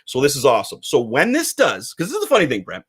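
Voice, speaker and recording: A man's voice: mid-range voice, wildly swooping pitch, fast talker, breathy edge. A man co-hosting a casual podcast, talking animatedly and acting out quoted voices. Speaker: podcast co-host, comic publisher.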